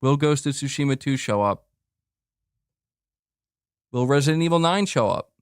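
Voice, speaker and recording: A young gaming news streamer with an expressive, smooth, mid-range voice hosts a laid-back livestream at normal speed, playfully bantering with his cat and reading viewers' chat messages aloud. The recording is dry and of studio quality.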